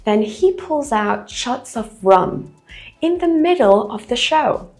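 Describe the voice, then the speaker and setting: A woman reading out a listening quiz for English learners, careful and deliberate. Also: fairly high pitch, animated, darkish tone, soft background music. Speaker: English teacher. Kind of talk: slow, clear quiz narration for learners.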